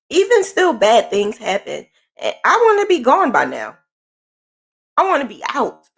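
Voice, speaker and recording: Woman, business mentor, casual motivational vlog, gravelly voice, earnest and repetitive. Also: medium pitch. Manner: earnest, encouraging, repeats phrases for emphasis. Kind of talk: casual motivational talk to camera.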